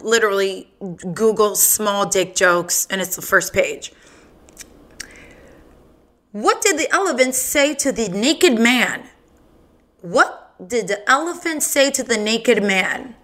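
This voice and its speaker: A woman hosts her own podcast, reading off crude jokes and laughing at herself. Her voice is bright and fairly high, and she talks at an easy, drawn-out pace. The style is loose, giggly and bawdy. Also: animated. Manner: giggly, bawdy, self-mocking joke telling. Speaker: podcast host. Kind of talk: casual solo podcast chat.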